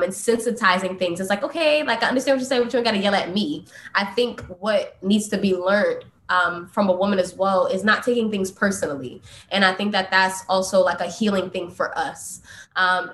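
An earnest, reflective woman in a casual faith discussion who often pauses with ums. Her voice sounds roomy, with a faint hum in the background. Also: mid-range voice, a bit bright. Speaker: podcast co-host.

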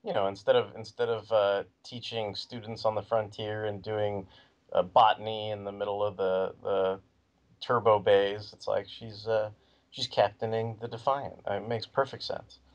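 A man's voice: on the low side, flat delivery, moderate pace. A man co-hosting a podcast in casual chat, rambling with lots of "you know" and "like". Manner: rambling, filler-heavy talk. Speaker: podcast co-host. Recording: muffled lo-fi recording.

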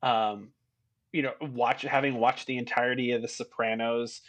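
A man co-hosting a film podcast talks in a relaxed, conversational way at an ordinary pitch. He tells a laid-back anecdote and drops short agreeing replies while his co-host talks. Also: normal speed, highs cut off. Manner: relaxed, storytelling, brief agreeing interjections. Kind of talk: casual movie review chat.

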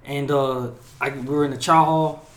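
A young man co-hosting a podcast, telling profane, animated stories in casual chat and acting out yelling drill instructors. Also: mid-range voice, moderate pace, reverberant, crowd noise. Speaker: podcast co-host.

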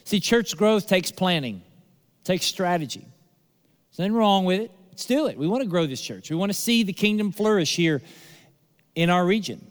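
A male pastor delivering a sermon, preaching with rhetorical repetition and emphatic pauses. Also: high voice, expressive. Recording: long hall reverb.

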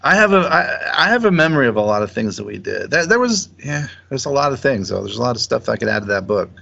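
A man guesting on a casual talk show, an easygoing musician who laughs often. His mid-pitched voice has a gravelly rasp. The sound comes through dull and lo-fi, like a remote call. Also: very animated, fast talker, pushed and bright. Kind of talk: casual conversation.

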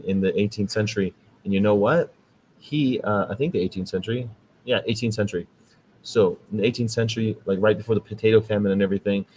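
A man with a lowish, slightly mellow voice hosts a vegan podcast, and the recording is poor, with a bit of hiss or hum. He's American and talks in a chatty, rambling monologue that drifts into preaching about veganism.

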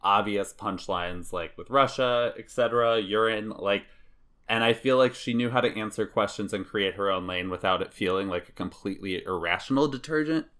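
Man, low pitch, bright tense tone, casual podcast chat, animated emphasis. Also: normal speed. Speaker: podcast co-host.

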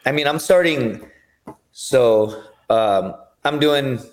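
A man's voice: medium pitch, lively intonation, slow. A man talking as a podcast guest, telling long rambling stories with lots of swearing. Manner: rambling, profane storytelling. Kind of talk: casual chat.

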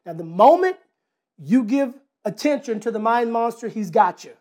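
A man's voice: very high-pitched, animated, normal speed, darkish tone. A man preaching a sermon, talking in a conversational way with rhetorical questions, repeated words and a personal story.

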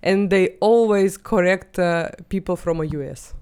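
Russian-accented woman guest, lively and halting. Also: on the low side, smooth. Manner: lively, hesitant with frequent uh fillers. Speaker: comedian guest. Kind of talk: casual comedy podcast chat.

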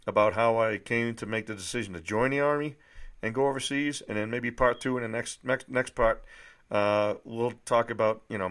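A man's voice: fairly low pitch, a bit bright. A man in his thirties from New Hampshire with a slightly nasal voice, rambling casually with fillers before reading his own book aloud. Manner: rambling, many fillers and restarts. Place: dry indoor room.

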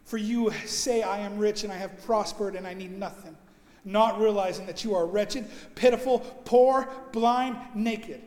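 High-voiced hoarse pastor preaching in an echoey church. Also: male voice. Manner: emphatic preaching, swings between loud and soft, slows for stress. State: hoarse, losing his voice. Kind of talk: sermon. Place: church sanctuary.

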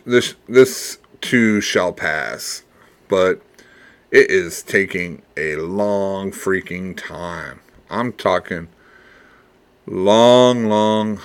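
A man hosts his own podcast in a deep, low register. He muses in an earnest, fatherly way, trailing off and repeating words as he gathers his thoughts. He takes his time over each phrase. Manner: reflective, rambling, with pauses and repeated words; earnest and fatherly, closing with blessings. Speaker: podcast host. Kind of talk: casual solo podcast monologue.

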